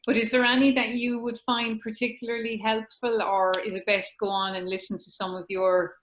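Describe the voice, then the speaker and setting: A woman's voice: a little high, level tone, a little fast, fairly bright tone, a little hiss or hum. Chatty woman host in a roomy space. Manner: chatty, hesitant questioning. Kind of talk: casual chat.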